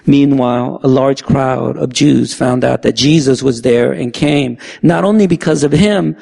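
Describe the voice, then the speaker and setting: A man's voice: mid-range voice, unhurried, vocal fry, a little mellow. A man preaching a sermon, retelling scripture with some stumbles and restarts.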